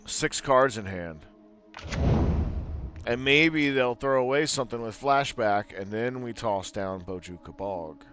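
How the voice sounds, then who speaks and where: A man's voice: medium pitch, measured pace, a bit bright, slight background noise. Joking man commentating a card game. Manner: joking, laughs at his own bits. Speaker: gameplay commentator.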